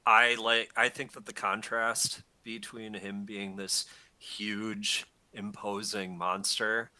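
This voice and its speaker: A man's voice: on the low side, little pitch movement, slow pace, bright, forceful tone, no echo. A man appearing as a guest in a casual movie podcast, easygoing and hesitant, saying "like" often.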